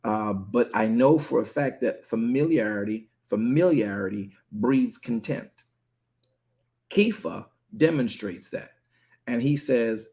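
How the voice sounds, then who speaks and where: A man's voice: mid-range voice, slow pace, warm tone. Conversational male preacher. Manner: repeats words, checks in with "right?". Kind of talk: conversational sermon.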